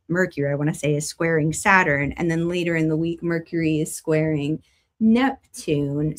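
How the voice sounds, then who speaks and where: A middle-aged woman hosting a spiritual astrology talk, chatting casually with viewers and laughing often. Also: on the low side. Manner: warm conversational, laughs often, lively emphasis. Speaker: astrology and tarot host.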